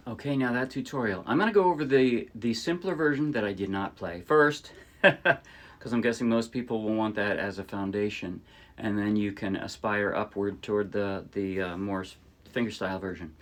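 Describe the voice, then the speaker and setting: A man teaching ukulele in a casual tutorial, explaining in a chatty, friendly way and often correcting himself mid-sentence. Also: medium pitch. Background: his own ukulele playing.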